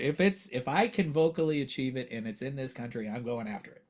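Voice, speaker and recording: A man's voice: medium pitch, animated, fairly quick, a loud crowd. Earnest man in an interview. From United States. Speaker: voiceover actor and dialect coach. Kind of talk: casual interview talk.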